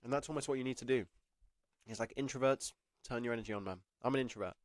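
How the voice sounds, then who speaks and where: A young man rambles casually to camera with apprenticeship advice, saying "like" constantly and often laughing self-consciously. His mid-range voice moves fast, and the studio-quality recording has no room sound.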